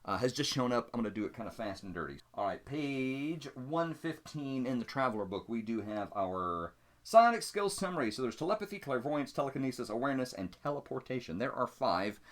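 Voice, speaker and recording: A man's voice: mid-range voice, sing-song, brisk. A man narrating a solo tabletop game as game master, thinking aloud and explaining his dice rolls.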